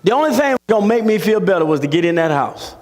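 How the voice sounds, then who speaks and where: High-voiced preacher man in a reverberant hall. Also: very animated, fast. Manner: dramatic preaching, big pitch swings, shouted peaks. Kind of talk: sermon. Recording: long reverb of a large hall.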